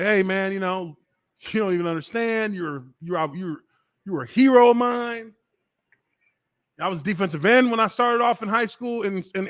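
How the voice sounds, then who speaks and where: High-voiced, excitable former-lineman host. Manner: profane, acts out quoted voices, laughs often. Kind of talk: animated storytelling, casual chat.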